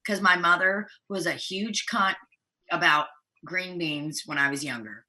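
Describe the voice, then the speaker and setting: A woman's voice: on the low side, measured pace, pushed and bright, husky. A woman co-hosting a podcast over a video call, talking in a blunt, profane and mocking way. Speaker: podcast co-host. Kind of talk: crude casual chat.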